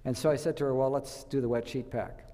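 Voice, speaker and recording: A man's voice: medium pitch, fairly even intonation, quick pace, mellow, long reverb tail. A man giving a health talk to a church audience, telling stories and quizzing his listeners. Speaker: health speaker.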